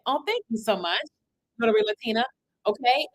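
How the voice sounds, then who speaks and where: A woman's voice: fairly high pitch, fairly quick, low-quality recording. A woman coaching people on content creation in a chatty livestream, often checking in with the audience. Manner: animated, chatty, asks the audience for replies, frequent "right?" and "okay?". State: itchy from an allergy. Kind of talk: livestream talk to viewers. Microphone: computer webcam.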